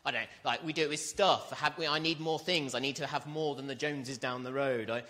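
A man's voice: mid-range voice, steady tone, a little fast, sharp tone. A man preaching a sermon, talking conversationally and asking his listeners questions. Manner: conversational, asks the congregation questions.

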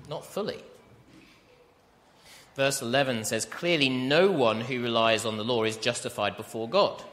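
A male preacher delivers a sermon with lively, swooping pitch, pressing each point home and throwing questions out to his congregation. His voice rings with a long hall reverb. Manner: animated, emphatic, asks the congregation questions.

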